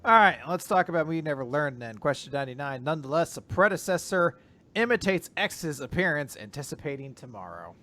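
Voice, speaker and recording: A man hosts a casual podcast, recapping a manga chapter as animated storytelling packed with fillers. His voice is fairly high in pitch and he talks a little fast.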